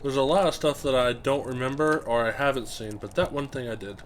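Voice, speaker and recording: A man doing let's play commentary, excitable, swearing often and chattering to the things in the game. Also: medium pitch, a little fast, a little hiss or hum. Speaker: gameplay commentator.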